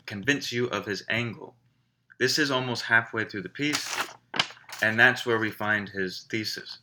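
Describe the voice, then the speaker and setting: A man teaching a writing class, walking students through a reading with measured explanations and rhetorical questions. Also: fairly low pitch, bright, forceful tone.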